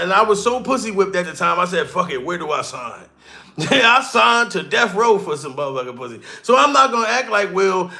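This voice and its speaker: A man giving a loud, rowdy, profane comedy reaction commentary, laughing and swearing as he rants. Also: sits high, vocal fry.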